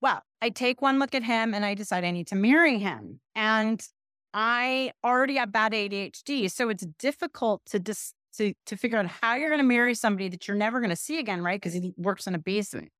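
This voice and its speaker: A woman's voice: medium pitch, brisk, no room sound, clean studio sound. A middle-aged woman from California, a guest telling a story in an interview, chatty and self-deprecating. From Pasadena, California. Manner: chatty, self-deprecating, animated quoted asides. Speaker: podcast guest, business owner.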